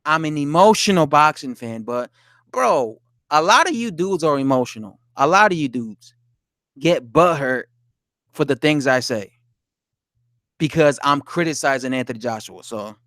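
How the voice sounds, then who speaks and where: Here the boxing streamer's voice sits fairly high and sounds a bit bright, captured in studio quality with no room sound. He chats casually with his audience, reading their comments aloud, answering, swearing, laughing and sounding indignant.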